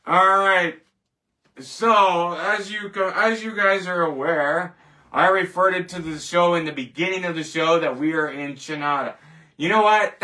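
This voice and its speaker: A man's voice: a little high, sharp tone. A man hosting a casual rant show, rambling and emphatic, scoffing at each verdict. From Canada. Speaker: show host. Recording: voice distant from the mic.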